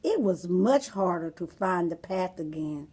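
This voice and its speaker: A woman's voice: lowish voice, lively intonation, measured pace, mellow, slightly rough. A woman voicing a polite, trusting little girl in a storybook reading, sweet and earnest.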